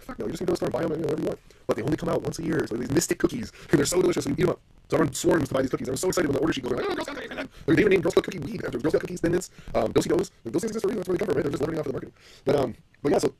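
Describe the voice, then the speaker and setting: A man's voice: mid-range voice, a little mellow. A middle-aged man hosting a casual solo podcast, blunt and profane as he rants about business. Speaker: podcast host.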